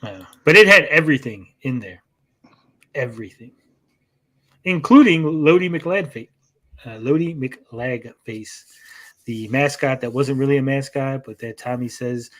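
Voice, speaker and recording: A reaction-stream host with a medium-pitched, fairly bright voice tells a long story at normal speed, leaving long pauses. In casual chat he often finishes with "right?" and voices quoted lines louder.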